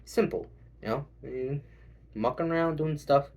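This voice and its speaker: A man doing a stand-up set, rambling and swearing and acting out quick voices. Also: fairly high pitch, gravelly, a little mellow, muffled recording. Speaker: stand-up comedian.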